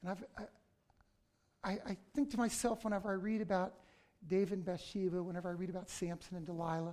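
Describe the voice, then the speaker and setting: A middle-aged male pastor preaching a conversational sermon that breaks into sudden loud outbursts. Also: high voice, flat delivery, fast talker.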